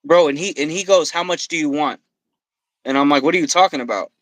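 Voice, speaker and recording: A man telling a story on a podcast, swearing freely and quoting himself and others in an animated way. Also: a little high, quick pace, no echo, rough recording. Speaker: podcast guest. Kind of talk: casual storytelling. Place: podcast studio.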